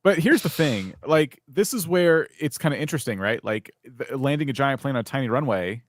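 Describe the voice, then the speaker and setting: A man's voice: mid-range voice, animated, fairly quick, no echo. A man co-hosting a live YouTube channel review, chatty and candidly critical. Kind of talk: live stream review chat.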